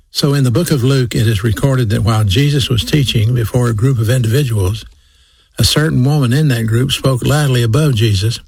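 A man's voice: mid-range voice, creaky, husky. A man preaching a sermon, speaking straight to his listeners and repeating key phrases for emphasis. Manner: addresses listeners directly.

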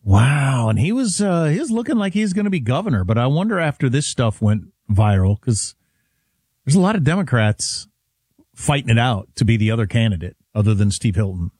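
A man's voice: mid-range voice, breathy edge, no room sound, clean studio sound. A man co-hosting a talk radio show, chatting casually and mockingly about politics. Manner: animated, mocking, does quick impressions.

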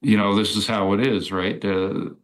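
Low-voiced man telling his encounters. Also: flat delivery, normal speed. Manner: hesitant, many fillers and restarts. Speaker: guest describing encounters. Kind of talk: casual interview talk.

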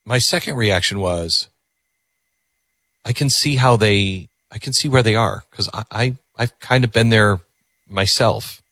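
A man's voice: fairly low pitch, measured pace, a bit bright, dry recording. A man hosting a call-in radio talk show, earnest and reflective, often repeating words as he gathers his thoughts.

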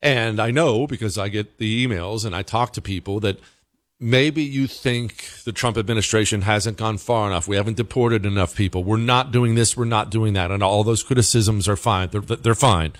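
A man's voice: lowish voice, normal speed, no echo. A male host giving casual, emphatic commentary, with stammered restarts.

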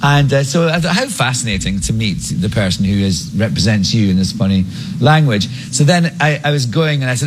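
A man telling a funny personal story as a guest, acting out quoted lines with halting restarts. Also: mid-range voice, animated, background noise. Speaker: interview guest. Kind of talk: anecdote storytelling.

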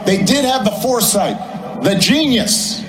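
A man giving a formal public speech, speaking in a measured, deliberate way. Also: extremely high pitch, sing-song. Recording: echoey speech clip with background noise.

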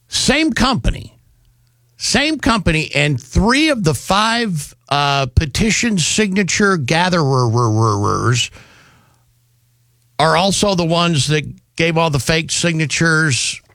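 A man's voice: fairly high pitch, expressive, slow pace, a bit bright, no room sound. A male radio talk show host delivering an indignant, rambling, sarcastic opinion monologue on a studio microphone.

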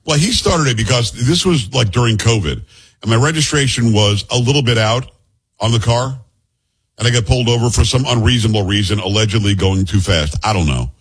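Middle-aged male radio host, quick husky delivery, jokey banter. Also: medium pitch. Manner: fast, chatty, joking. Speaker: radio talk show host.

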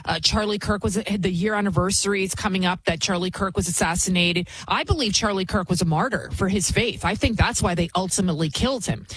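A woman's voice: mid-range voice, a bit bright, breathy edge, no echo, low-quality recording. A woman hosting a political commentary show, talking in an indignant, scornful way with many restarts. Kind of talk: opinionated commentary monologue.

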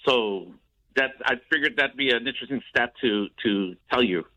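A man calling in to a radio show, sharing a stat in a rambling, halting way. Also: medium pitch, sharp tone, muffled recording. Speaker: caller. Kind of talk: casual call-in chat.

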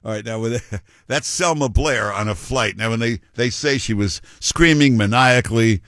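A man's voice: mid-range voice, normal speed, a bit bright, no echo, studio quality. A male talk radio host giving blunt, mocking commentary with many fillers and restarts.

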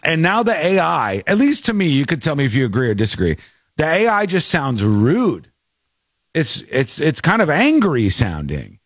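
A man's voice: fairly high pitch, normal speed, dry recording, studio quality. A man hosting a talk radio show, chatting casually and mimicking voices as he tells stories. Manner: animated, mimics voices while telling stories. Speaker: radio host.

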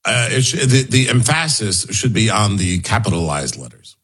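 A man on a talk radio show explaining the news in a steady, informative way. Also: fairly low pitch, normal speed, husky. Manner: informative, steady, a few restarts. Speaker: news reporter.

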